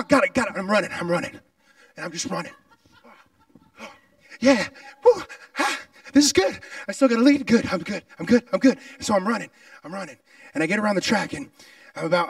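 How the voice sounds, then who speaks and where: High-voiced man preaching from a distance. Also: fast talker, no echo. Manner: animated, acts out scenes and voices in his story. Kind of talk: sermon with personal storytelling.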